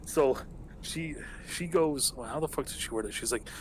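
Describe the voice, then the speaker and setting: A man's voice: mid-range voice, moderate pace, slight background noise, rough recording. A young man who grew up in England, hosting a podcast and telling rambling, profanity-laced stories in casual chat with plenty of fillers. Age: young adult. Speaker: podcast host.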